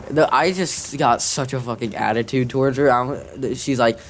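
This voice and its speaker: A man's voice: medium pitch, measured pace, a bit bright, a little hiss or hum. A man telling a rambling, profane story while playing a video game, often laughing and cursing. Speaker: gaming commentator.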